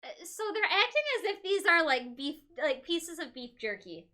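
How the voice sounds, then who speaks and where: A woman's voice: high voice, very animated, normal speed, bright, forceful tone. A young woman reading a novel aloud on a comedy podcast, breaking off for amused, chatty asides. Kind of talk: comedic read-aloud with commentary.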